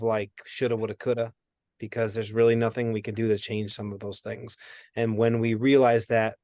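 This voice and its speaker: A man working as a medium, giving a reading in a rambling, animated way that often interrupts itself. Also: mid-range voice, no room sound. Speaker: psychic medium. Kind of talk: spirit reading conversation.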